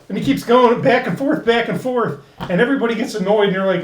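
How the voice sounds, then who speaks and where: A man co-hosting a casual podcast episode review, who laughs often and acts out quoted lines in a higher voice. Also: fast talker, hardly any pauses, reverberant, far from the mic. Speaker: podcast co-host.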